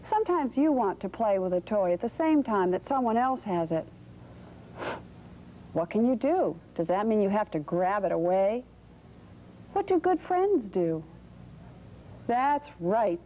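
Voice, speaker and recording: A woman hosting a children's show, gently asking young viewers questions. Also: medium pitch, expressive, measured pace, slight background noise. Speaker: children's TV host.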